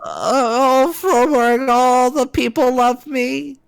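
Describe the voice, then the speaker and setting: A man putting on a vain, laid-back alien who boasts in a drawn-out high falsetto for laughs on a game stream. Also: gravelly, clear, resonant tone, no room sound, heavily acted. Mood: smug.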